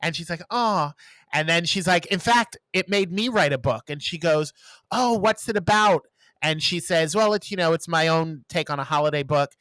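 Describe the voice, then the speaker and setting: A man with a fairly high, very bright voice talks on a podcast in casual chat, animatedly retelling a movie's scenes and slipping into playful voices. The sound is close and dry. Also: normal speed, clean tone, no room sound. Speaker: podcast co-host.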